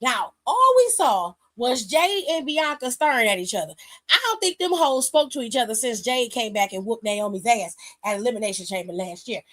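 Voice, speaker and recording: A woman hosting a wrestling aftershow, recapping with sassy, animated and profane storytelling. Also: fairly high pitch, moderate pace. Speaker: aftershow host. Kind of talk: casual recap chat. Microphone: streaming mic.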